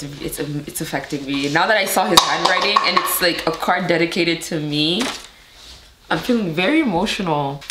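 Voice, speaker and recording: Hoarse young woman vlogging, low voice. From Montreal, Canada. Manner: rambling, filler-heavy, emotional. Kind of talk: casual vlog chat to camera. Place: indoors at home. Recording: echoey room with noise.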